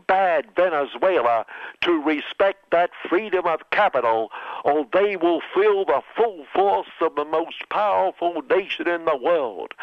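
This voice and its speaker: A man's voice: high-pitched, no room sound, dull audio, voice pushed up, heavily acted. A man putting on a blustering, boastful older male politician who keeps repeating superlatives. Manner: repetitive, bragging superlatives.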